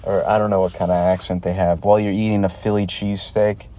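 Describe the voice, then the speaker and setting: A man's voice: sits low, flat delivery, fast talker, mellow, slight background noise. A man in his thirties hosting a solo comedy podcast, ranting sarcastically and swearing freely from a laundromat. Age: 30s. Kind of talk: solo stand-up style rant.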